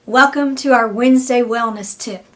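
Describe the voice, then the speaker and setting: A woman's voice: fairly high pitch, fairly even intonation. A woman presenting a weekly wellness tip, telling a story and acting out the people in it. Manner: slow, storytelling, acts out quoted people.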